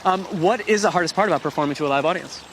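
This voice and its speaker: A woman interviewer asking quick-fire questions, upbeat and lively, speaking outdoors. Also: on the low side, a little hiss or hum. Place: outdoors in countryside.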